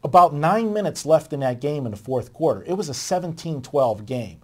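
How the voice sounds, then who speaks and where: A man's voice: fairly high pitch, lively intonation, brisk, darkish tone. A man, a guest sports handicapper, talking through his reasoning at length in a conversational way. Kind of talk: sports betting debate.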